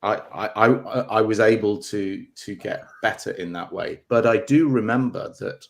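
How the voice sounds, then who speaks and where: A man's voice: lowish voice, a little slow, vocal fry. A man appearing as a guest on a talk show, speaking thoughtfully and candidly about personal experience.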